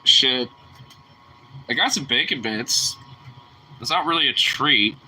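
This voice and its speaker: A young man with a very bright, edgy voice talks to his dog in a loose, teasing way. He laughs easily and swears freely as he chats. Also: mid-range voice, expressive, slow pace, slightly rough, low-quality recording. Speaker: vlogger. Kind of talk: casual chat to his dog.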